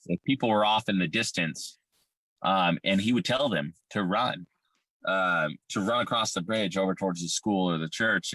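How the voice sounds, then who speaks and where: A man recounting a painful childhood experience in candid, profane, halting personal testimony full of fillers. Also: low-pitched, fairly bright tone, no room sound. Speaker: survivor telling his story.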